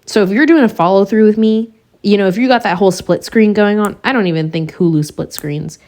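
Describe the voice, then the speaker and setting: A woman's voice: medium pitch, fairly quick, darkish tone. A young woman casually analyzing a TV show for her viewers, chatty and slangy, often going off on tangents. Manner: rambling, goes off on tangents. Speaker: YouTuber reviewing a TV show.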